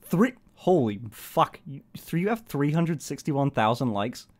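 A man's voice: fairly high pitch, very animated, unhurried. A man in his twenties chatting casually on a live stream, swearing freely, laughing often and rambling in a self-conscious way. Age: 20s.

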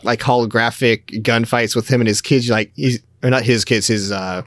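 A man's voice: mid-range voice, fairly even intonation, moderate pace, fairly bright tone, no echo, clean studio sound. A man hosting a casual gaming podcast, chatting in a rambling way with frequent fillers. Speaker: podcast host.

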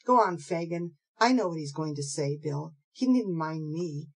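A woman's voice: low-pitched, expressive, normal speed, husky. A woman voicing a composed young woman who speaks coolly and dismissively, in a storybook reading. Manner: cool, dismissive.

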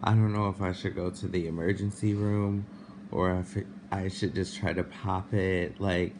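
A man's voice: low voice, moderate pace. A man vlogging to camera in a dramatic, panicky, flamboyant way. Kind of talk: casual vlog talk to camera. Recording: noisy recording with steady background noise.

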